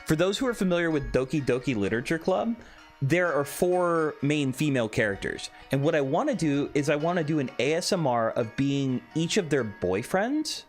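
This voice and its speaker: A man's voice: fairly high pitch, lively intonation, moderate pace. A young man casually chatting on a live stream, reading chat aloud with a joking, candid manner. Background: faint background music.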